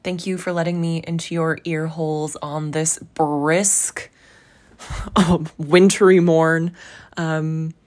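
In a slow, steady, low voice, a young adult woman reads a classic story as an audiobook reader and podcast host. She then wraps up casually, talking with her listeners in a warm, affectionate and encouraging manner.

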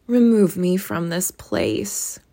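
A woman doing an old miser, broken voice, slow loud cries, raised pitch, pleading. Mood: anguished pleading.

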